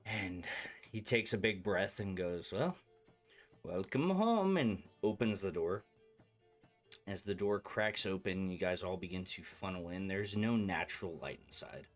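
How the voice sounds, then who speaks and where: A man's voice: low-pitched, fairly even intonation, moderate pace, faint music behind. A man narrating as game master in a tabletop game, describing scenes in a hesitant way with many fillers.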